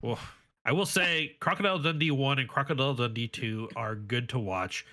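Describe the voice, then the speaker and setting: Man in his 30s, podcast co-host; bright tone, easygoing, playful anecdotes. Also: mid-range voice, moderate pace. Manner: chatty storyteller, playful. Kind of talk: casual podcast chat.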